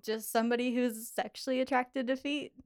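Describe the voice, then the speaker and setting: Smooth-voiced chatty young woman. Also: on the high side, steady tone, a little fast. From Pittsburgh, USA. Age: 20s. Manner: chatty, heavy use of "like". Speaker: podcast guest. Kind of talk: casual interview chat.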